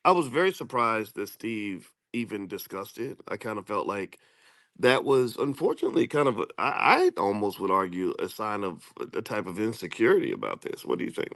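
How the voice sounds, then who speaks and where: A middle-aged man hosting, talking in measured, thoughtful, halting commentary with his wife. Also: fairly low pitch, very animated, fairly bright tone, dry recording. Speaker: host.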